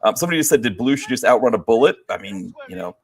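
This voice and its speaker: A man's voice: mid-range voice, lively intonation, very fast, gravelly, crowd noise. A middle-aged man co-hosting a casual movie chat, rambling and agreeable, full of fillers. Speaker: co-host.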